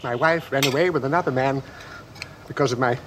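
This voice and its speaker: A man's voice: mid-range voice, fairly quick, natural voice. An actor playing an earnest, formal man who speaks with pompous solemnity about duty, in a 1970s television play. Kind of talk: 1970s television drama acting. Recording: old television sound with faint hiss.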